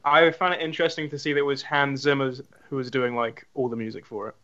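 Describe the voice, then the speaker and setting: Fast-talking man on dull lo-fi audio. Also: mid-range voice, flat delivery, sharp tone. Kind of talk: casual film discussion.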